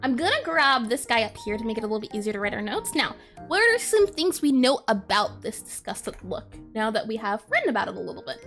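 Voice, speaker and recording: A woman's voice: a little high, very animated, fast, fairly bright tone, soft background music. A woman streaming as she draws, chatting casually, reading chat aloud and giggling often. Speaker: art streamer. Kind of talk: casual live-stream chat while drawing.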